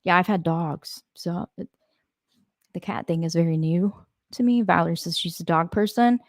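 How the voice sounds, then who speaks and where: A woman's voice: fairly low pitch, fairly even intonation, moderate pace, no room sound, clean studio sound. A middle-aged woman, casually chatting and reading viewer comments, blunt and swearing freely. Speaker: livestream host.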